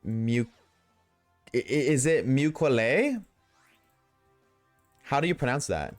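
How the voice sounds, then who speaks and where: A man's voice: mid-range voice, big pitch swings, moderate pace, no echo, faint music behind. Profane joking young male streamer. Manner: profane, joking, talks back to chat. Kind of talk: casual gaming livestream chat.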